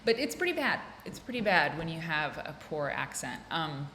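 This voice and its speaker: Chatting alone on her podcast from an office, this American host rambles and cuts herself off mid-thought. She has a low-pitched, sharp-toned voice with big pitch swings at a normal speed. Slight background noise, faint ambience, and a roomy echo are audible.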